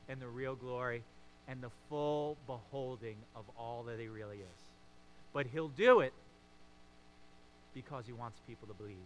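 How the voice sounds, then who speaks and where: A man preaching a sermon as a pastor, swinging between hushed, intimate stretches and emphatic, rising passages. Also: medium pitch.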